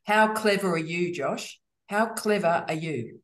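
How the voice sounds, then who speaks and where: Female host, effusive and teasing, roomy video call sound. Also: fairly low pitch. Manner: effusive, teasing, fast greetings. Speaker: host of online office hours. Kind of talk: casual video call chat. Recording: roomy echo.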